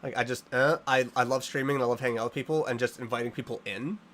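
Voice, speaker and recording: A man live-streaming a game, chatting with his viewers in an animated, playfully dramatic way. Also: mid-range voice, fast, a little hiss or hum. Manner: animated, playfully dramatic, reading and answering chat.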